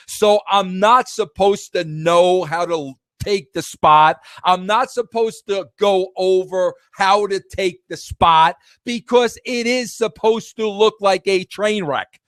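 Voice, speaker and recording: Podcast host, man, middle-aged, slightly high voice, dry close mic, emphatic storyteller. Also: slow pace, few pauses, dry recording. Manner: animated, emphatic, repeats words, addresses listeners as guys. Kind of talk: casual storytelling monologue.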